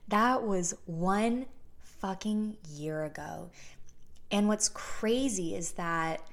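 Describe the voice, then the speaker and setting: A young woman in her twenties telling a personal story to her viewers in a casual, candid way, swearing freely and restarting her sentences as she goes. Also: fairly low pitch. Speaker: vlogger.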